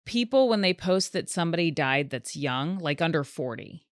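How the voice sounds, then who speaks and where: A woman hosts a comedic podcast on her own, chatty and animated, slipping into quoted voices. Her voice sits a little low and sounds smooth and clear. The sound is dry and close to the mic. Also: moderate pace, dry recording. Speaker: podcast host. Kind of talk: solo comedic podcast monologue.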